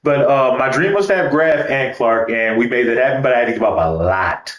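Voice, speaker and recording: A man's voice: medium pitch, expressive, a little fast, reverberant, slight background noise, rough recording. A man giving loose, joking commentary while playing a baseball video game, swearing casually. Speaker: gaming YouTuber.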